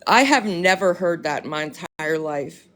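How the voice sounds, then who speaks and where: A woman's voice: fairly low pitch, animated, moderate pace, a bit bright. A young woman chatting casually on a phone live stream, slangy and profane, often breaking into laughter while answering viewers.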